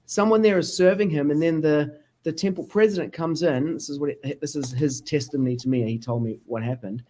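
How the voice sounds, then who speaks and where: A man's voice: a little high, a little fast. A man hosting a podcast interview, telling stories animatedly and acting out the people he quotes. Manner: animated storyteller who acts out quoted people. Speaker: podcast host. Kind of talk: casual interview chat.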